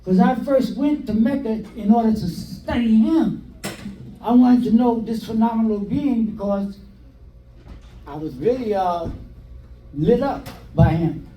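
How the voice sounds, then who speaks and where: An older man telling stories from his past in a documentary interview, animated, acting out what people said, with hesitant fillers. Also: high voice, a little slow. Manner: animated, acts out quoted dialogue with hesitant fillers. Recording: roomy sound from a distant mic, faint noise.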